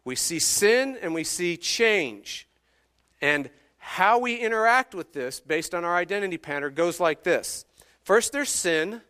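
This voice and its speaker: A man in his thirties preaching a sermon as pastor, swinging from hushed, slow phrases to emphatic, rising ones. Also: high-pitched.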